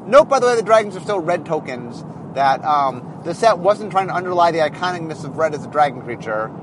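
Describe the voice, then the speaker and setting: Animated high-voiced man, rambling explanation. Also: a little fast, background noise. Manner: animated, rambling, thinking aloud. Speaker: game designer. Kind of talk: casual explanatory monologue.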